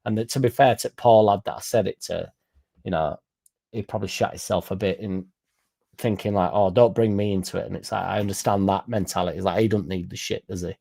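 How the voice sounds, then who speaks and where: A man's voice: fairly low pitch, fairly even intonation, a little fast, gravelly, dark tone. A young man telling a rambling, sweary story to his livestream viewers in a blunt, casual way. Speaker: football fan streamer.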